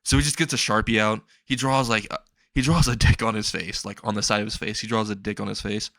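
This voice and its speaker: A man's voice: on the low side, steady tone, fast talker, a bit bright, no room sound. A man narrating an improvised comedic fan story in a rambling way, laughing at his own jokes.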